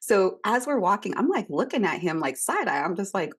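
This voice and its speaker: A woman podcast co-host telling a personal story in a casual, animated way, laughing often and filling her talk with "like". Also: mid-range voice, fairly quick, slightly rough.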